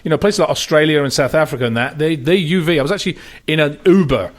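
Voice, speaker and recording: A man's voice: a little high, fast. A man hosting a radio talk show in a studio, chatting casually, laughing often and restarting his sentences.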